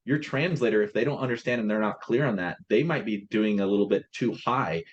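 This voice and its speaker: A man's voice: on the low side, fairly quick, dull audio, slight background noise. A man in a casual business chat, explaining his translation company's process step by step and often restarting his phrases.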